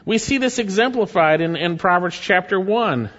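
A man's voice: sits high, animated, moderate pace, fairly bright tone. A man preaching a sermon, fervent and emphatic, reading scripture aloud between his own remarks. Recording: dull lo-fi sound.

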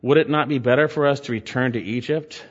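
Male pastor, mid-pitched preaching voice, reads scripture and exhorts the congregation, muffled recording with long hall reverb. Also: fairly quick. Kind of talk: sermon with scripture reading.

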